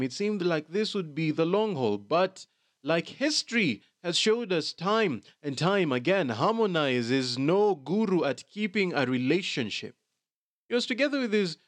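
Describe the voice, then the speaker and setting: A man's voice: fairly high pitch, no room sound. A man giving casual commentary on celebrity gossip, chatty and dropping Swahili slang into his English.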